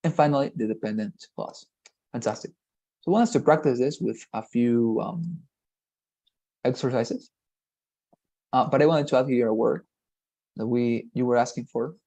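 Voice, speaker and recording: A man teaches an English lesson, going through the grammar one step at a time. His voice is dark and mellow, and he keeps asking "right?" to check his students are following. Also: mid-range voice, moderate pace, gravelly, long pauses, lo-fi sound. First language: Spanish. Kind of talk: online class explanation.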